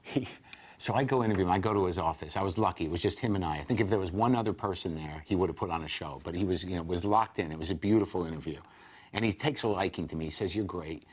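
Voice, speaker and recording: Low-voiced man telling a lively story. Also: quick pace, breathy edge. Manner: animated anecdote teller with many quoted voices. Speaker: interview guest, comedian. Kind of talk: storytelling in a talk show interview.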